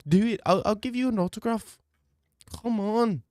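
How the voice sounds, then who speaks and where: A man's voice: sits high, normal speed, darkish tone, clean tone, dry recording, studio quality, voice pushed up, natural voice. A man voicing a pushy male booth hawker who coaxes and wheedles someone into coming in. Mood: wheedling. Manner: wheedling, coaxing, teasing.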